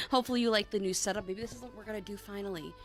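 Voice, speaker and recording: A woman's voice: mid-range voice, fast talker, music in the background. A chatty woman hosting a casual tarot livestream, bubbly and swearing freely. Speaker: tarot reader and livestream host.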